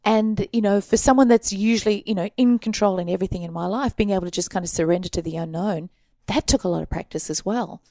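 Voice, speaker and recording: An Australian woman guest telling her stories in a casual interview, animated and laughing often. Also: medium pitch, fast, no echo. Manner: animated storyteller, laughs often, acts out quoted voices.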